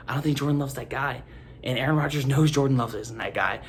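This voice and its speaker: A man's voice: medium pitch, fast, a little hiss or hum. Rambling young man on sports. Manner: rambling, animated, heavy use of "like". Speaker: sports commentary host. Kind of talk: casual sports opinion monologue.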